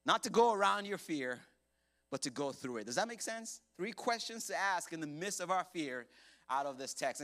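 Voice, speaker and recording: A man preaching a sermon in a church, animated and joking as he acts out quoted voices. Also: sits high. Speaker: pastor. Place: church hall.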